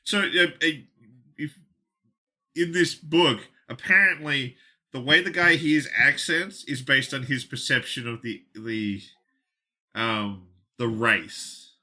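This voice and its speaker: A man's voice: medium pitch, slow pace, bright, forceful tone. A man co-hosting a podcast in casual chat, rambling with fillers and swearing, a little sick. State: sick, coughing. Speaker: podcast co-host.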